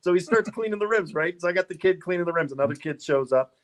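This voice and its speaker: A man's voice: high voice, lively intonation, fast talker. A middle-aged man, a guest on a car podcast, telling rambling stories in a casual interview, laughing often and restarting his sentences.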